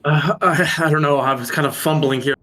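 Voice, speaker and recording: A man with a somewhat high voice plays a tabletop game. He asks questions in halting, restarting bursts. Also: fairly even intonation, bright, forceful tone. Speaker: player. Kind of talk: casual tabletop play.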